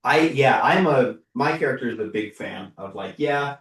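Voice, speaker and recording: A man's voice: mid-range voice, animated, normal speed, fairly bright tone. A casual man plays a tabletop game, commenting with easy amusement. He sounds distant in an echoey room. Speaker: player. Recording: roomy sound from a distant mic.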